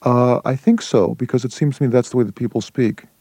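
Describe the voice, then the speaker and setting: A man, a playwright and translator, answering a radio interview in a halting way with many restarts. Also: mid-range voice, fairly even intonation, mellow, breathy edge, no room sound.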